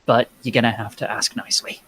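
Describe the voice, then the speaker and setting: A man's voice: mid-range voice, steady tone, fast, slight background noise, close to an everyday voice, poor audio. A man voicing a weary, urgent young American male soldier. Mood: sly. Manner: urgent, hushed then sighing.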